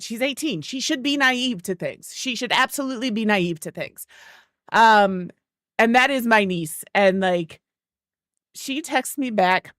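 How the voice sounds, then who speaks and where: A woman's voice: mid-range voice, lively intonation, slow, a bit bright, no echo. A chatty woman streamer, dry close sound. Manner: rambling, chatty storytelling; greets viewers by name mid-sentence. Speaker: game streamer. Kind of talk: casual chat with live chat.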